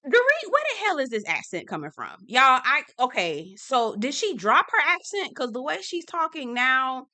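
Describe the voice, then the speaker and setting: A sassy woman with a lilt, talking through a reality show recap in an easy, gossipy way. Her voice is bright and forward. She talks at home in her office. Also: high-pitched, moderate pace. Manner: sassy and expressive, slangy asides. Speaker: TV recap host.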